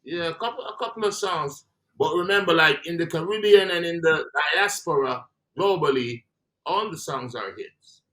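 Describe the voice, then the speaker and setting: A man's voice: a little high, moderate pace, bright, forceful tone. A man with a Jamaican accent, a guest in a casual interview, talking in a laid-back way and trailing off between phrases.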